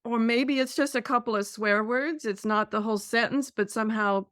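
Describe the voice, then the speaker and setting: A woman's voice: on the high side, moderate pace, a bit bright, no echo, clean studio sound. A middle-aged woman hosting a podcast, asking chatty, reflective questions. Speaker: podcast host. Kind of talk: podcast interview.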